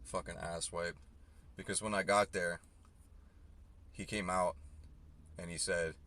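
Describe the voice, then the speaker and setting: A man's voice: low voice, fairly even intonation, a little slow, pushed and bright. A young man, a delivery driver, ranting heatedly and profanely about his shift as he drives. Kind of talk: ranting vlog while driving. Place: inside a car. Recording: noisy in-car recording. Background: car and road noise, navigation prompts.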